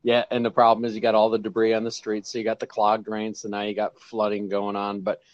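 Low-voiced man on a dull call line. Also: completely flat delivery, fast talker, no echo. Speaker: pastor calling in. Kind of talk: casual call-in update.

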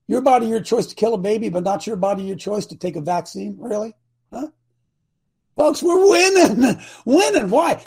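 A man's voice: sits high, gravelly, warm tone, slightly rough. An older man hosting a talk show, speaking with fiery, preachy passion and repeating phrases for emphasis. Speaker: host. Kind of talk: impassioned political talk.

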